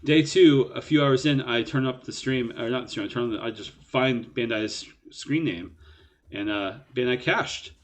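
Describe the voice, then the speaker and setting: A man's voice: medium pitch, moderate pace. A man co-hosting a poker live stream in casual banter, joking and self-mocking and laughing often.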